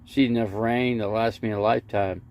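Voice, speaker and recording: A man's voice: fairly low pitch, steady tone, a little fast, a little mellow, dull audio, a little hiss or hum. A man hosting a casual live stream from his RV, rambling between stories and reading viewer comments aloud. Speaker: livestream host. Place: inside an RV parked in a lot.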